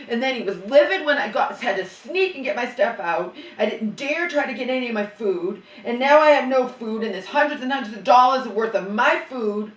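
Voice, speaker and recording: A woman's voice: fairly high pitch, lively intonation, fairly quick, hardly any pauses. A middle-aged woman vlogger venting in an agitated, profane, rambling monologue full of restarts. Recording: roomy and distant from the mic.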